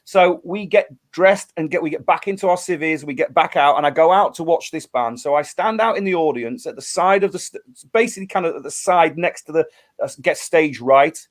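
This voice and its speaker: A middle-aged man from the UK, a musician telling a lively story in a casual interview, acting out quotes with many restarts. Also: on the high side, fairly quick. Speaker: guest musician.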